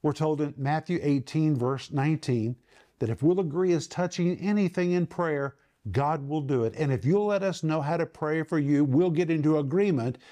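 A man hosting a televised Bible teaching, speaking emphatically and slowing down to stress key words. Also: fairly high pitch, dark tone. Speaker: Bible teacher and program host.

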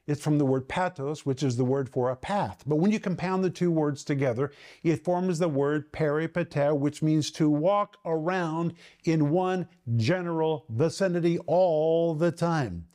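Mellow-voiced man teaching the Bible emphatically. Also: fairly high pitch. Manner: emphatic, slows down and stresses key words. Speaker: Bible teacher and program host.

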